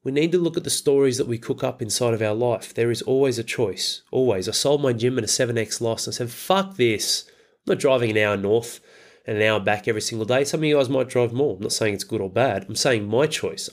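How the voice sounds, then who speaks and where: Middle-aged man, medium pitch, hard-hitting fathers' coach who swears freely. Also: fairly quick. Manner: blunt, emphatic, heavy swearing. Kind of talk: motivational talk.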